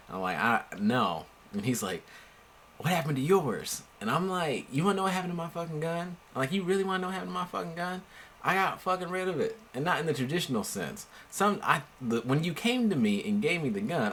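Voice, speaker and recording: A young man telling a story from his own life in a laid-back, slangy, animated way. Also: mid-range voice. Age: young adult. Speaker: storyteller vlogger. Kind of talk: casual storytelling.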